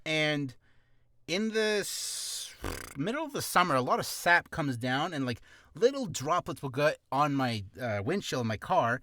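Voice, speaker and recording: A man's voice: fairly high pitch, lively intonation, unhurried, bright, forceful tone, dry recording. A young man explaining voice-acting improv in a rambling, self-deprecating casual chat on a home mic. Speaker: voice actor vlogger.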